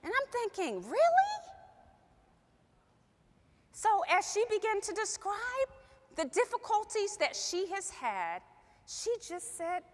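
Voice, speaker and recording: Animated high-voiced woman storyteller. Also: a little slow, big-room sound. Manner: animated storyteller, acts out quoted dialogue. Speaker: company sales trainer. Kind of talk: emotional storytelling talk.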